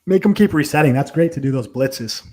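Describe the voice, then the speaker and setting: A man's voice: fairly high pitch, lively intonation, a little fast, dark tone. A young man co-hosting a fight watch-along, chatting loosely with swearing and lots of fillers. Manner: loose and profane, with many fillers. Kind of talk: casual live fight commentary.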